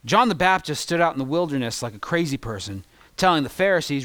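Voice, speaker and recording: A man's voice: fairly high pitch, lively intonation, fast, no echo. Impassioned male pastor preaching. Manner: impassioned, swinging from loud peaks to hushed, confessional asides. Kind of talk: sermon.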